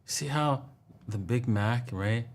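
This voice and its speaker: A man co-hosting a casual livestream chat, relaxed, using slang and laughing often. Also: mid-range voice, slow. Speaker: co-host.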